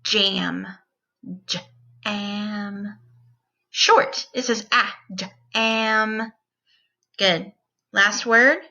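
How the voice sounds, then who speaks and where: A woman teacher guides young children through phonics, sounding out every word at a very slow, careful pace. Her voice is bright and clear, though the recording itself sounds a little dull and lo-fi. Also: a little high.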